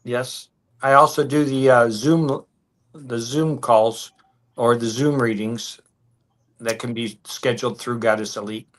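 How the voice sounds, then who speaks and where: A man's voice: mid-range voice, steady tone, a little slow. Male reader and hypnotherapist, easygoing, anecdotal chat. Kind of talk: casual livestream chat.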